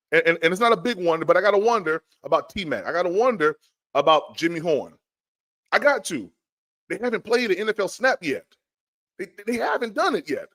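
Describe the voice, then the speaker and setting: A man hosts a sports podcast, and his pitch sits high and leaps around as he rants. He sounds exasperated, tripping over his words and repeating himself, heated and animated throughout. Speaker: podcast host. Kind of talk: fired-up sports podcast rant.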